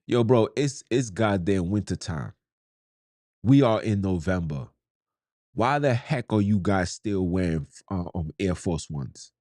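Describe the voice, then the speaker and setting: A man's voice: deep voice, lively intonation, a little slow, warm tone, dry recording, clean studio sound. Blunt New man ranting. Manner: blunt, heated, slangy. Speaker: podcast host. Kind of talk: ranting monologue.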